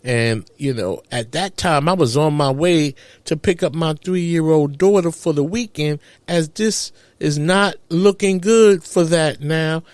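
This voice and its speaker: A man hosting a podcast, telling a personal story in a dramatic, animated way. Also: unhurried, few pauses, no room sound. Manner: dramatic, animated retelling with big pitch jumps. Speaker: podcast host. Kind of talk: storytelling monologue.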